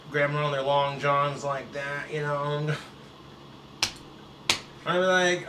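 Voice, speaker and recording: A man's voice: fairly high pitch, steady tone, slow pace, long pauses. A man giving a blunt, profane, sarcastic reaction rant to his YouTube viewers. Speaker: YouTube commentator. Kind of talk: ranting reaction commentary. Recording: roomy echo, set back from the mic, faint hiss.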